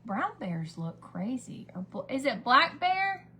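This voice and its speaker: Her voice sits high and sing-song, bright and forceful, delivered a little slowly against slight background noise. A beauty vlogger on a casual get-ready-with-me livestream, she does her makeup while rambling chattily from one story to another, sometimes whispering.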